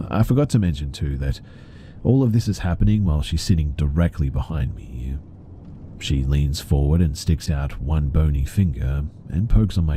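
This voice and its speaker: Very deep-voiced man telling horror stories. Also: warm tone, a little hiss or hum. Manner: casual, conversational first-person telling. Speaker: narrator. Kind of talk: horror story narration.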